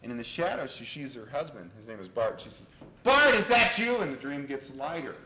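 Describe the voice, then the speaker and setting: A man giving a university lecture in an animated storytelling way, on an old reel-to-reel tape. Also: medium pitch, fast. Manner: animated, loud when acting out exchanges. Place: lecture hall. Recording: old reel-to-reel tape, echoey lecture hall, faint hiss.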